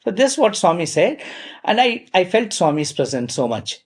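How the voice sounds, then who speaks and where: A middle-aged man, telling personal stories at a devotional gathering in a lively way, with frequent fillers and self-deprecating asides. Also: sits high, normal speed. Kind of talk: anecdotal storytelling talk.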